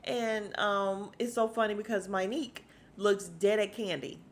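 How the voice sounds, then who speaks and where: A woman's voice: medium pitch, steady tone, unhurried, a little hiss or hum. A young adult woman hosting a podcast, recapping a reality TV episode in a chatty, slangy way and calling her listeners "y'all". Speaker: podcast host.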